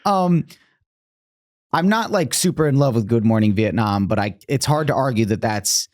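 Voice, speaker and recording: A man's voice: medium pitch, normal speed, dry recording, studio quality. Laid-back male podcast host. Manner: relaxed, lots of agreeing fillers. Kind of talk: casual chat. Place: recording studio.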